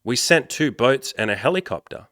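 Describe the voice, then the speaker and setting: A man voicing Saint Peter as a calm, puzzled gatekeeper of heaven. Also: mid-range voice, normal speed, dry recording, clean studio sound, pitched above the performer's own voice, natural voice. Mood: bemused.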